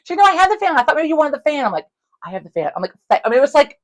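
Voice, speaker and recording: A woman's voice: sits high, very fast, lo-fi sound. A woman co-hosting a casual podcast, telling a story with lots of swearing and acting out both sides of conversations. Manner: profane, animated, acts out dialogue. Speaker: podcast co-host.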